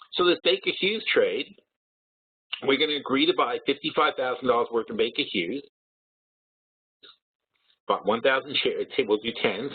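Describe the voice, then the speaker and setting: A man's voice: mid-range voice, breathy edge. A man hosting a trading webinar, talking bluntly and working through numbers aloud with frequent restarts. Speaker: webinar host. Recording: tinny phone-like audio.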